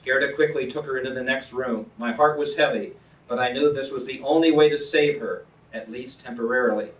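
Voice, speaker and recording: A man reading a passage from his book aloud in an earnest, measured way, with a few small slips. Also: medium pitch. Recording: roomy, distant, dull lo-fi sound.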